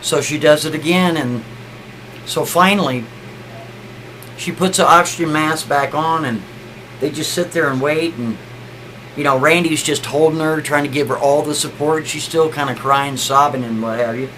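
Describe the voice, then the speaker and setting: A man's voice: fairly high pitch, normal speed, a bit bright, slight background noise, rough recording. A man telling a story in a casual, rambling way, often repeating himself and checking in with the listener. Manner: rambling, repeats "I mean" and "right?", stumbles over words.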